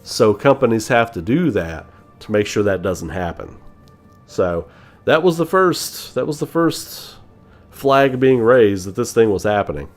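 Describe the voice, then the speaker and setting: A man chatting on his own gaming channel in a relaxed, opinionated way. His voice sits a little low, and he leans on profanity and laughter. Faint music plays underneath. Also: unhurried. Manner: animated, profane, laughing often. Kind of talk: casual live-stream chat.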